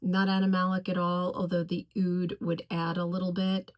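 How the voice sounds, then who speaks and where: A woman reviewing fragrances in a casual video, gushing over each scent and slowly listing its notes. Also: lowish voice, completely flat delivery. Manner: effusive, gushing about scents; slow, deliberate listing of notes.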